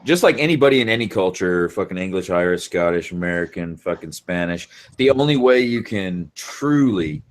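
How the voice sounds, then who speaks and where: A man's voice: low-pitched, animated, normal speed, few pauses. A man chatting on a live stream, blunt and swearing constantly. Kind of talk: casual group chat.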